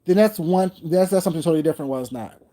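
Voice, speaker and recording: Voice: mid-range voice, racing, mellow. A livestream host delivering a heated, confrontational rant, repeating points and breaking off to greet viewers by name.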